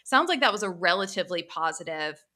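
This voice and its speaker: Bright, rambling woman host. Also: fairly low pitch, lively intonation, fast talker. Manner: rambling, hedging questions full of fillers. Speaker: podcast co-host. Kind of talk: casual interview questions.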